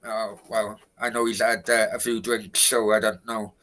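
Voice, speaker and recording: A man's voice: on the low side, level tone, moderate pace, fairly bright tone, low-quality recording. A man co-hosting a casual football talk show from a hotel room, ranting and swearing about his club's transfers. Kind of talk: casual chat.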